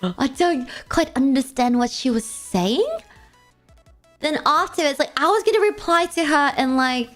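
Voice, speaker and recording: A young woman with a high voice chats casually to her stream, rambling through a story with plenty of "like" and "um". Faint music plays behind her. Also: expressive, measured pace, fairly bright tone. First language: English. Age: young adult. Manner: rambling storytelling, many fillers. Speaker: vtuber streamer. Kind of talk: casual chat.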